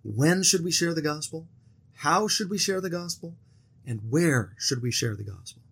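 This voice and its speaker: A man with a slightly husky, somewhat raised voice, teaching a scripture lesson. He speaks earnestly and draws his points out with little stories. His manner is warm-toned from the content alone, not from the sound. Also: on the high side, expressive, normal speed. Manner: earnest, storytelling with acted quotes. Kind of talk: lesson presentation.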